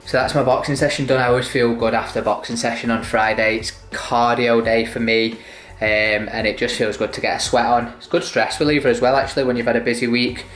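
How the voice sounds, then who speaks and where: A man's voice: mid-range voice, flat delivery, fairly quick, few pauses, fairly bright tone, faint music behind. A young man, a new father chatting casually and joking on his vlog. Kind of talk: casual chat.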